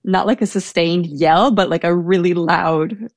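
A young woman appears as a storyteller guest, sharing a personal casual anecdote hesitantly with many fillers and restarts. Her voice is on the low side, measured in pace, with no echo.

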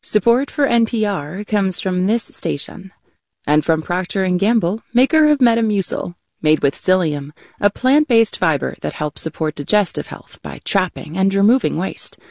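A woman announcer reading network sponsor credits in a smooth scripted way. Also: medium pitch, animated, moderate pace, darkish tone, no room sound, clean studio sound.

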